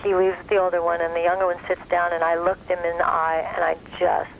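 A woman telling a personal story in a halting, emotional way, often restarting her sentences. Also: on the low side, completely flat delivery, gravelly, muffled recording, a little hiss or hum.

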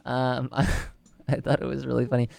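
A podcast co-host in casual, playful chat, agreeing readily and tossing in quick asides. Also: mid-range voice, completely flat delivery, creaky, darkish tone, a little hiss or hum.

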